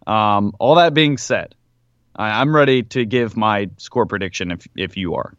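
A low-voiced man co-hosting a casual sports podcast, rambling with plenty of ums and pushing his opinions. The sound is dry and close, a little dull and lo-fi. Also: normal speed, fairly bright tone, clear, resonant tone, no room sound. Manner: rambling, filler-heavy, argumentative. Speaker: podcast co-host.

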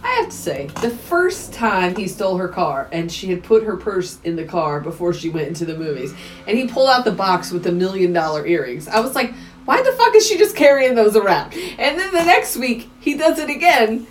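A woman co-hosting a movie podcast, chiming in with animated, exclaiming comments. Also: medium pitch, fairly quick, a little hiss or hum. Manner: animated, exclaims, laughs often. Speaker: podcast co-host. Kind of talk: casual movie chat.

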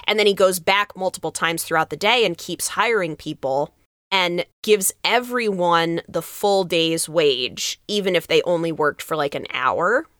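A woman pastor co-hosting a podcast, chatting in an animated way, laughing easily and acting out quotes. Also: lowish voice, measured pace, dry recording, studio quality. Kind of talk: casual chat.

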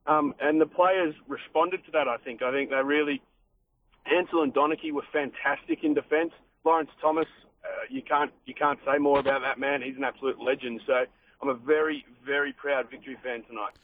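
A man's voice: medium pitch, fairly even intonation, a little fast. A male caller on a talk radio phone-in, talking about his team with enthusiastic, fluent fan talk. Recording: tinny phone line.

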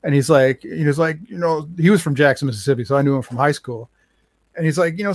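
A man's voice: medium pitch, quick pace, dry recording. A man who runs a record label, telling stories in a rambling casual chat with many fillers. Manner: rambling, animated, acts out quotes with many fillers.

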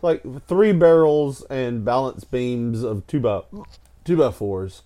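A man telling a childhood story in casual chat, animated and often laughing as he talks. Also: mid-range voice, takes it slowly. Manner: animated, laughs through his own story.

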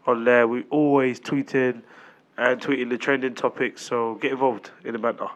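A man's voice: mid-range voice, steady tone, normal speed. A young man co-hosting a podcast, repeating lines in hype-man banter. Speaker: podcast co-host. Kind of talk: casual chat.

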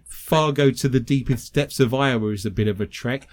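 A man's voice: mid-range voice, normal speed. A man with a British English accent, a paranormal investigator telling self-mocking stories on a talk show. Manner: animated, self-mocking anecdotes. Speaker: paranormal investigator and medium, guest. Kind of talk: casual storytelling on a talk show.

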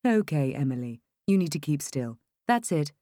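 Steady male doctor, low and instructive, voiced by a woman. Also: dry recording, clean studio sound. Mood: calm. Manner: measured, instructive, firm. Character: calm male hospital doctor.

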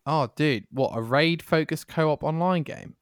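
A man with a smooth, clear voice, steering a gaming podcast through its rundown in easy chat. He keeps putting questions to his co-host. The sound is close and dry. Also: a little high, unhurried, no echo. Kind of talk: casual chat.

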